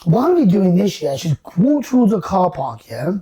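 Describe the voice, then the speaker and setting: A man telling a story in casual talk, animated and slangy, acting out the voices of the people in it. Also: high voice, moderate pace, crowd noise. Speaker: guest storyteller.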